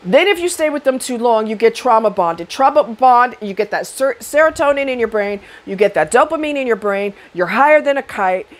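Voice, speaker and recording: A middle-aged woman giving dating advice in a blunt, profane monologue to camera, rising loud and high when she rants. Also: lively intonation, a little fast, few pauses.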